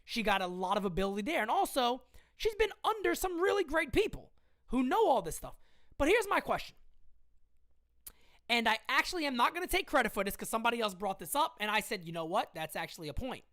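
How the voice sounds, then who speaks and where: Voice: mid-range voice, big pitch swings, brisk, fairly bright tone. A woman hosting a live-stream sports commentary show, emphatic and argumentative as she answers comments from her chat. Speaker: host.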